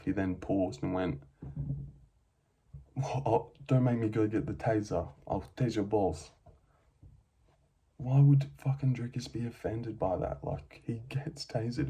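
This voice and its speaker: A man's voice: low voice, mellow, slightly rough. A man giving casual, profane, mocking reaction commentary, reading from his own notes.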